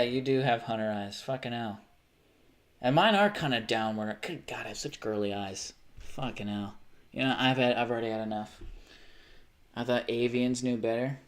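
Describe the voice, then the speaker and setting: Excitable, sweary male livestreamer. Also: mid-range voice. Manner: loose and excitable, swearing often, laughing and restarting sentences. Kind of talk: casual livestream chat, reacting to pictures and viewer messages.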